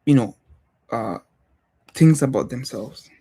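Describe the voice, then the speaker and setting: A young man with a non-American English accent, talking on a livestream in a reflective, hesitant way, pausing and restarting often. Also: medium pitch, lively intonation, mellow, breathy edge. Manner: thoughtful, hesitant, many pauses and restarts. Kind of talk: casual reflective livestream talk.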